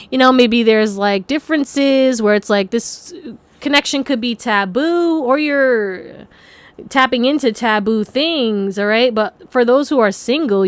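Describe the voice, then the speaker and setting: A woman's voice: fairly high pitch, smooth, no echo. A young woman giving a casual pick-a-card tarot reading, chatty and rambling, swearing freely and laughing often.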